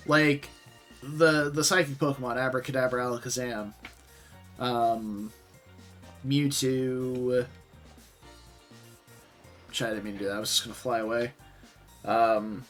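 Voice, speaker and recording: A man's voice: mid-range voice, steady tone, measured pace, pauses often, fairly bright tone, faint music behind. Rambling man streaming a game. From Southern US. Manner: rambling, many fillers and self-corrections. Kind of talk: casual gameplay commentary.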